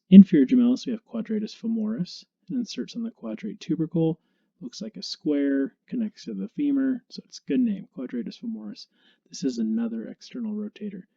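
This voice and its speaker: A man teaching anatomy in a relaxed, conversational way, walking through the muscles one by one. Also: mid-range voice, slightly rough, dull audio. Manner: relaxed and conversational, with small restarts. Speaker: instructor. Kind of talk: casual anatomy lecture.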